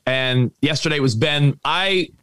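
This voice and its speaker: A man's voice: a little high, a little slow, pushed and bright, smooth, no echo, studio quality. A man co-hosting a podcast, playful and goofy in casual banter. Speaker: podcast co-host.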